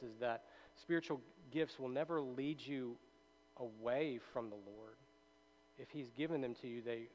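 A man's voice: medium pitch, a little hiss or hum, rough recording. Man teaching scripture conversationally. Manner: conversational, with many fillers and tag questions. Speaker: Bible teacher. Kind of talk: casual Bible study teaching.

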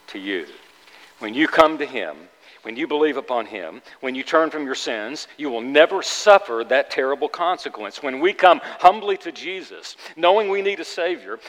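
A man's voice: on the high side, fairly bright tone. A middle-aged man preaching a sermon as pastor, earnest and emphatic, often repeating phrases for weight. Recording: long hall reverb.

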